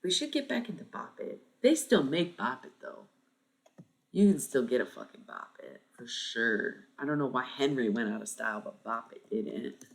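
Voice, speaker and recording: This is a streamer around thirty, chatting casually and thinking aloud. The voice has a gravelly, fry-edged texture and swings widely in pitch. The talk is loose and peppered with curse words. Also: sing-song, moderate pace. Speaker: live streamer. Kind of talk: casual chat with stream viewers.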